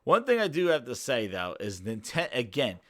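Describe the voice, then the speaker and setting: A man's voice: mid-range voice, huge pitch swings, moderate pace, very noisy. A man hosting his own gaming channel, ranting casually in a rambling way, with frequent swearing and laughter. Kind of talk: casual reaction rant.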